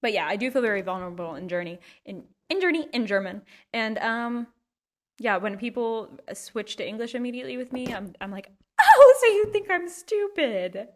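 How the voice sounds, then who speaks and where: A young woman with a high voice hosts a casual comedy podcast. She rambles in a goofy way and mocks herself as she goes. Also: fairly quick. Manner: goofy, rambling, self-mocking. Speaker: podcast host.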